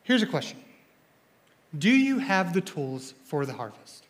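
A young man preaching a sermon as a student pastor in a church, energetic and excitable, often stumbling and repeating words as he speaks. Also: high voice, a little slow.

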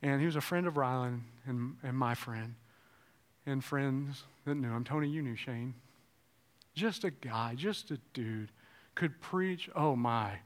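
A pastor preaching a sermon, swinging between loud exclamations and hushed, tender passages. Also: male voice, medium pitch, unhurried. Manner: swings from shouting to hushed tones.

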